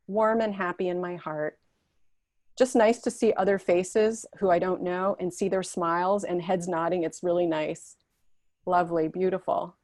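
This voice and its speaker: A woman hosting a talk show gathering over a video call, gently guiding participants and reading their chat messages aloud. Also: on the low side, dry recording, studio quality.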